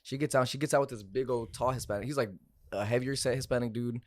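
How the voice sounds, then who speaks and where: A man's voice: mid-range voice, steady tone, fast, no room sound. A young man, a car salesman and podcast guest, telling a story in loose, profane casual chat. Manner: loose, profane, lots of fillers like "like" and "bro".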